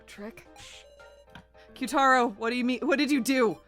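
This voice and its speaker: A woman reading game dialogue aloud as a guilt-ridden young woman, speaking softly. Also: a little high, moderate pace, soft background music, lightly acted. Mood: alarmed. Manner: soft, dropping to whispers.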